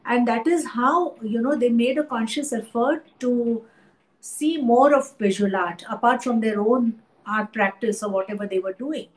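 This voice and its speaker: A woman with an Indian English accent, an art historian and teacher, speaking thoughtfully in an interview with many pauses and fillers. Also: on the high side, low-quality recording. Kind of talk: interview conversation.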